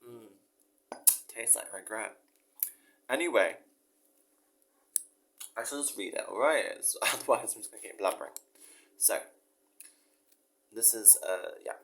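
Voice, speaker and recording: A man's voice: lowish voice, unhurried, vocal fry, long pauses, a bit bright. A man, a professor and musician, rambling casually and reading his own story aloud, self-mocking, swearing freely and laughing at himself.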